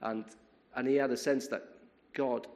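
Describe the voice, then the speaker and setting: A man with a gravelly, creaky voice of middling pitch preaches to his congregation. He retells a story in a lively way and acts out the voices of its people. He often stumbles, repeats words and restarts his sentences as he goes. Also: normal speed, slight background noise. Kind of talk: sermon storytelling.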